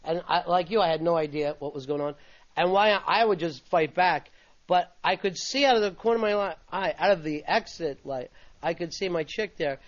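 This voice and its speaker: A male radio host with a higher voice, easy and talkative as he trades club stories with his guest. He laughs along and asks long, winding questions. The sound is dull, like an old satellite radio broadcast. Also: fairly quick. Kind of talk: interview conversation. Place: radio studio.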